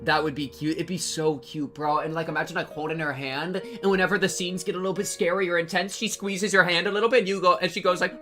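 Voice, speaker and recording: A young man streaming a game, chatting to his viewers in a rambling, jokey, excitable way and sometimes reading the game text aloud. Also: on the high side, fairly quick, soft background music. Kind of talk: casual game-reaction commentary.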